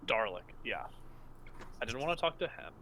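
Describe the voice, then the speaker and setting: A man's voice: mid-range voice, sing-song, normal speed, a crowd in the background. A man playing a tabletop role-playing game, talking in hesitant bursts with restarts. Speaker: player. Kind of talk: tabletop role-play chat.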